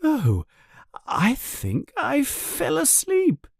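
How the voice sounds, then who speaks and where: Narrator doing a fussy old lady seer, airy and high, then booming trance voice, slow and swooping. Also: huge pitch swings, vocal fry, no room sound, studio quality, heavily acted. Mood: flustered. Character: eccentric older female seer teacher.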